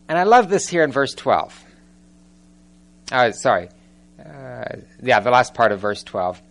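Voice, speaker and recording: A man preaching a sermon, telling the story with animated storytelling and firing rhetorical questions at the congregation. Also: medium pitch, measured pace, gravelly, pauses often. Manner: animated storytelling, acting out scripture characters.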